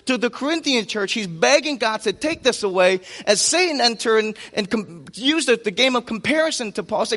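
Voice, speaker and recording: High-voiced man preaching in a reverberant hall. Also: lively intonation, a bit bright. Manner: impassioned preaching with emphatic slow-downs. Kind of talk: sermon. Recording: long reverb of a large hall.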